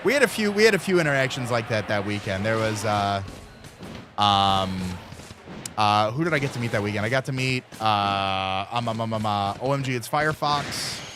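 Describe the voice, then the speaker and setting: A man's voice: fairly low pitch, animated, normal speed, over music. A man in his thirties, a streamer, telling a rambling casual story full of fillers and little acted voices. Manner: rambling, lots of fillers, acts out friends' voices.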